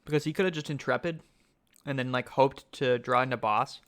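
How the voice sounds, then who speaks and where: A man giving live-stream commentary on a card game tournament, excitable and thinking aloud, often asking his chat questions. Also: medium pitch, a little fast.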